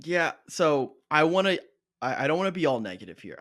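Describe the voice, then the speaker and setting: A young man co-hosting a casual reaction podcast, talking in an animated, fired-up rant. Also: fairly high pitch, fast, no room sound, clean studio sound. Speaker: podcast co-host.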